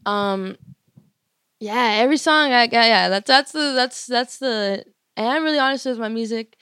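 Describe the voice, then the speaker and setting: A woman's voice: a little high, normal speed, fairly bright tone, clear, resonant tone, dry recording, studio quality. A young woman musician talking candidly in an interview, casual and frank, swearing often and laughing between thoughts. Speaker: touring musician.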